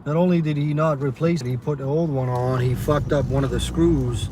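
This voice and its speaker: A man's voice: medium pitch, steady tone, fairly quick, noisy background. A man livestreaming from inside his car, ranting in a profane, irritated way and chatting casually with viewers. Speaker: livestreamer driving for rideshare. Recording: music playing in the background.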